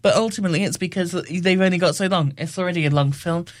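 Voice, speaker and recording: A man's voice: high-pitched, quick pace. A man giving a casual spoken film review, rambling and wry, often correcting himself mid-sentence.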